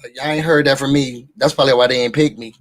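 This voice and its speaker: A man from New York reviewing a reality show for his viewers in casual chat, an animated, slangy storyteller. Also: medium pitch, fast. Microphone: studio microphone.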